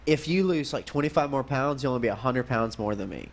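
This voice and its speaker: A man's voice: mid-range voice, fast, vocal fry. A man co-hosting a talk show, joking and teasing the host in brief casual replies. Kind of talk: casual studio banter.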